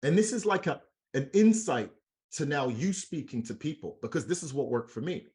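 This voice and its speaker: A young man tells a story at a motivational training session. He is slangy and animated and acts out the dialogue as he goes. His voice sits a little high and swings a lot in pitch. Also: moderate pace. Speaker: MLM trainer.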